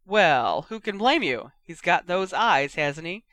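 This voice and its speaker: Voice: mid-range voice, big pitch swings, slow pace, pushed and bright, heavily acted. An audiobook reader voicing a mischievous young man who teases his siblings with a sly drawl. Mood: teasing. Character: mischievous young man, teasing older brother.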